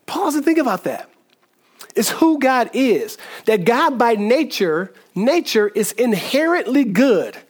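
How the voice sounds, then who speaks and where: A man preaching a sermon in a conversational way, often repeating words and checking in with "right?". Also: sits high. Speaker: pastor.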